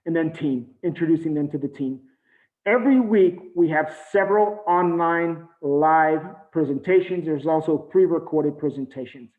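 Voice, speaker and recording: A man giving an earnest, motivational team training talk over a video call, halting now and then with fillers. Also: a little high, reverberant, phone-quality sound.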